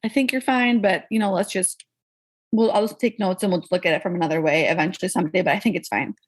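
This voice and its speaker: A woman casually telling a long personal story as a podcast guest, animated and acting out the people she quotes. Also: quick pace. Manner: animated, acts out quoted people with pitch jumps.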